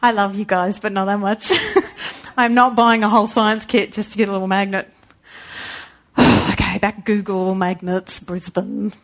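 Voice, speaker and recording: A woman telling a lively personal story to a church audience, acting out the people in it. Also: mid-range voice, a little slow. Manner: animated, acts out the people in her story. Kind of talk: storytelling sermon.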